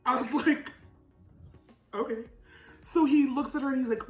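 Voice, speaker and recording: Young woman vlogging, loud voice, kinda high, echoey room w/ faint music. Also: moderate pace. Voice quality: naturally loud voice. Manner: animated, laughing, lots of "like". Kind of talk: storytime vlog.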